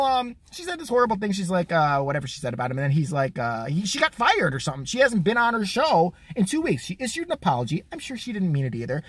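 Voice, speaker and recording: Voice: mid-range voice, husky, no echo. A vlogger delivering a crude, mocking, profane comedic rant. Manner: crude, mocking, fast-talking.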